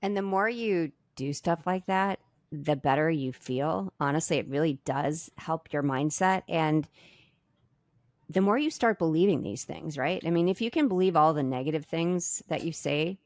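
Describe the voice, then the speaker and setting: A woman's voice: sits low, moderate pace, dry recording, studio quality. A middle-aged woman cohosting a podcast, talking reflectively in casual chat. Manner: reflective, thinks aloud with restarts.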